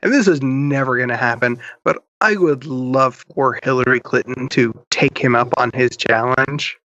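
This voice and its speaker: Male podcast co-host from Utah, slow and measured, bright tone, dry muffled mic. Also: mid-range voice, no echo. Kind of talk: casual comedic chat.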